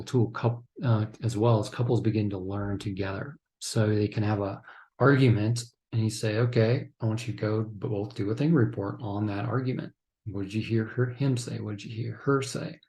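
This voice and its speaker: A man's voice: fairly low pitch, warm tone. A man giving a recorded training lecture for counselors, teaching in an instructive way and often checking in with "okay?". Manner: acts out couples' lines in quotes.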